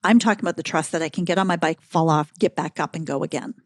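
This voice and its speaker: A middle-aged woman talking as a podcast guest, telling a story with emphatic, animated energy. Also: low voice, fast talker, no room sound, studio quality. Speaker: podcast guest, keynote speaker. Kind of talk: casual conversational interview.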